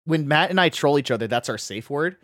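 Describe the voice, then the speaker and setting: A man telling a long story in casual chat, animated, acting out his friends' voices and filling his talk with "like" and "right?". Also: a little high, dry recording, clean studio sound. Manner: fast, full of "like" and "right?".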